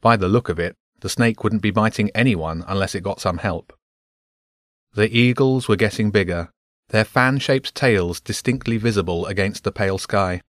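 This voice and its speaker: Low-voiced male audiobook narrator. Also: moderate pace, fairly bright tone, no room sound, clean studio sound.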